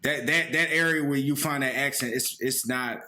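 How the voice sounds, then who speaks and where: A man's voice: medium pitch, moderate pace, pushed and bright. A young man from the Philadelphia area talks in an ordinary mid-range voice during a casual podcast chat. He is blunt and rambling, and he swears freely. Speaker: podcast co-host.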